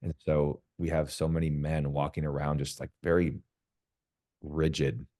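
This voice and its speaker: A man's voice: a bass voice, little pitch movement, normal speed, warm tone. A man, a podcast guest, talking frankly in casual conversation, swearing freely and acting out quoted dialogue in other voices.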